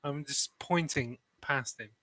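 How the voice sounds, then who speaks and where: A man's voice: medium pitch, slow, a bit bright, no echo, rough recording. A man playing a tabletop game, joking and wry. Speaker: player. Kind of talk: tabletop game role-play.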